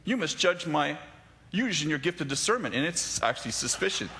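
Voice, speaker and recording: A man's voice: a little high, big pitch swings, a little fast, pushed and bright. A man telling a personal story in a sermon, self-deprecating, acting out the dialogue with many restarts. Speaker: pastor.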